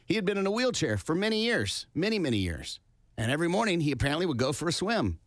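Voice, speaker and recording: A man's voice: on the high side, big pitch swings, fast, no room sound, clean studio sound. A man co-hosting a podcast in casual chat, telling a story with wry asides. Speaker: podcast co-host.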